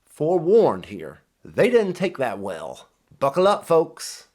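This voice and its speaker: A man's voice: a little high, huge pitch swings, slow, darkish tone. A man ranting heatedly in a profane reaction commentary, stressing words with lots of cursing. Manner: heated, emphatic, heavy swearing.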